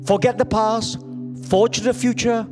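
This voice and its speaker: A man preaching a sermon as pastor, swinging from loud calls to quiet, low lines. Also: flat delivery, a little slow, music in the background.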